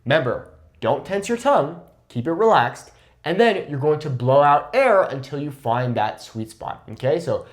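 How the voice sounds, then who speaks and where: In an online Spanish lesson, a young man coaches pronunciation in an encouraging way. His medium-pitched voice rises and falls a lot. He checks in with the listener after each point and pronounces example words slowly and carefully.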